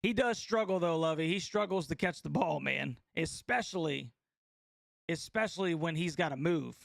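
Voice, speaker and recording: Gravelly excitable sports-fan man. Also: on the high side, normal speed, no echo, clean studio sound. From North Carolina. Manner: excitable, slangy, chatty, reads chat aloud. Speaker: sports watch-party host. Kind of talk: live game reaction.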